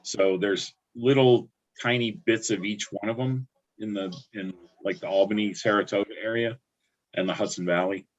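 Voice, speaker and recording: A man's voice: on the low side, steady tone, normal speed, lo-fi sound. A man from upstate New York chatting casually on a livestream, rambling and restarting his words often. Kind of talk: casual chat.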